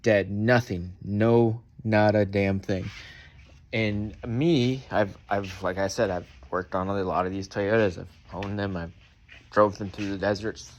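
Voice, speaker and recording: A young man with a lowish voice tells a story in a loose, rambling way, full of swearing and quick asides. He talks casually, as a mechanic speaking straight to the camera. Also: darkish tone. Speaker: mechanic and small business owner.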